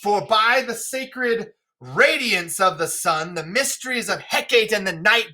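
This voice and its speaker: A male teacher reading aloud the part of a proud, furious aging king in a classroom read-through, slow and declaiming. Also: sits high, heavily acted. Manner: slow, declaiming, rising to shouts.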